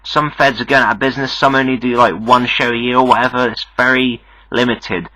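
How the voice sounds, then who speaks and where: A man's voice: medium pitch, steady tone, a little fast, bright, forceful tone, poor audio. Hyped young man cutting a promo. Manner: hyped, salesy, addresses fans directly. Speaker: podcast host and backyard wrestler. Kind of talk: wrestling promo monologue.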